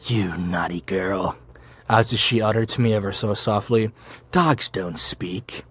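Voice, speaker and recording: A man voicing a menacing young male villain from a fan fiction story, slow, low and breathy. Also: fairly bright tone.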